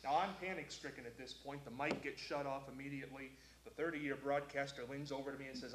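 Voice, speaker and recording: A man's voice: mid-range voice, quick pace, few pauses, echoey room, background noise. A man hosting a local talk show, chatting and telling stories on air. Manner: storytelling, animated. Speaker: host. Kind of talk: casual talk show chat.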